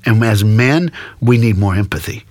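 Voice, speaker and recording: A man's voice: on the low side, moderate pace, darkish tone, no echo, clean studio sound. A middle-aged man, a school speaker, telling a story earnestly in an interview and repeating phrases for emphasis.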